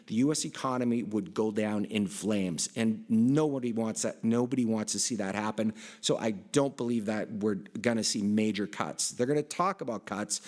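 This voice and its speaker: A middle-aged man speaks to a conference hall at an ordinary, mid-range pitch. He rambles from point to point, breaking off mid-sentence and filling gaps with "uh" and "you know." It sounds like an off-the-cuff live presentation. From Boston area, United States. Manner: rambling, with many fillers and restarts.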